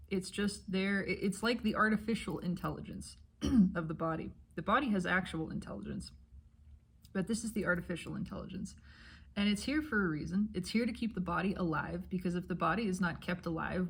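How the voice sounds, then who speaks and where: A woman with a low, husky voice rambles her way through her thoughts, unhurried and reflective. She talks casually as she eats, sometimes swearing, letting each idea wander into the next. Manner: talks with her mouth full while eating breakfast. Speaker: spiritual vlogger.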